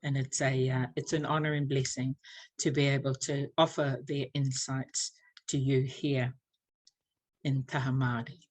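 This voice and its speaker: A woman presenting a church language series, unhurried with many fillers, teaching Māori pronunciation through spoken examples. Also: rumbling low, flat delivery, a little mellow. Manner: unhurried, filler-heavy explanations.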